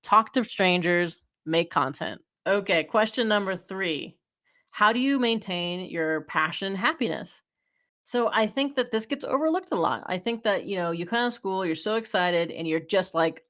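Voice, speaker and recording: A woman's voice: lowish voice, moderate pace, fairly bright tone. A woman in her thirties hosting a solo advice podcast, talking frankly and casually with lots of fillers. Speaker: podcast host, chiropractor.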